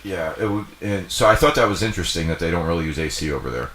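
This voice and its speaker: A man's voice: sits low, expressive, fast talker, a crowd in the background. A man from New England co-hosting a casual livestream chat, loose and rambling with lots of "like" and "um". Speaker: livestream co-host.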